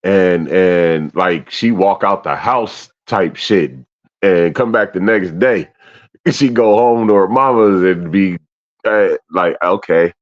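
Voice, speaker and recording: A man co-hosting a candid casual chat, telling stories animatedly and acting out his own reactions with loud swearing. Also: low-pitched, takes it slowly, highs cut off. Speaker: podcast co-host.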